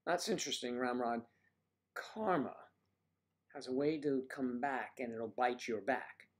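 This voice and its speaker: A man's voice: mid-range voice, unhurried. A man hosting a casual livestream, rambling and joking as he answers viewers' comments. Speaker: livestream host.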